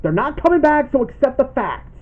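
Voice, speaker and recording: Man, high lively voice, indignant and accusatory, ranting vlog, dull lo-fi recording. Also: brisk. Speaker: channel host making a callout video. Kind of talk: ranting callout vlog, reading posts aloud. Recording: dull lo-fi sound.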